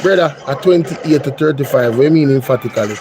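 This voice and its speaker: A man's voice: medium pitch, fast, background noise. A Jamaican man hosting a reaction show, switching between patois and English with blunt, incredulous remarks. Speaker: host. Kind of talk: reaction commentary.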